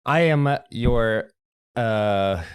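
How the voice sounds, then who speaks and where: A man's voice: mid-range voice, extremely slow, clean tone, no echo, clean studio sound. A man hosting a podcast, chatting casually and joking, laughing often over a video call. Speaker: podcast host. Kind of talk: casual chat.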